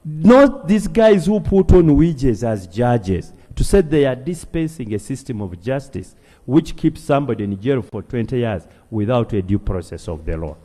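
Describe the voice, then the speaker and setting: Impassioned Ugandan legislator, echoing chamber. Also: male voice, medium pitch, lively intonation, moderate pace, dark tone. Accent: Ugandan English. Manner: impassioned, rising to emphatic outrage. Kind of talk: parliamentary speech. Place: parliament chamber. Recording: long reverb of a large chamber.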